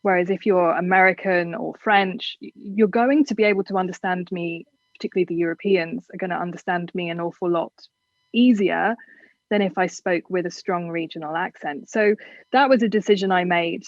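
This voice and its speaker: A woman's voice: fairly low pitch, steady tone, moderate pace, no room sound, muffled recording. Frank English woman, dry close sound. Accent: generic southern English. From England. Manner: frank, chatty, self-deprecating. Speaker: guest. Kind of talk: casual interview advice.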